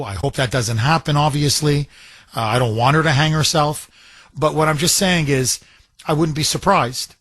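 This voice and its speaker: A man's voice: a little high, a bit bright, no room sound. A man hosting a call-in talk radio show, giving emphatic, opinionated commentary that wanders off on tangents.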